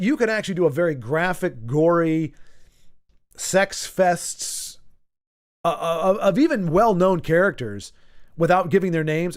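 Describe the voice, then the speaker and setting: A man streaming a game and chatting casually, rambling in an animated way and often stumbling over his words. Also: high voice. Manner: rambling, animated, frequent stammered restarts. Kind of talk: casual chat while gaming.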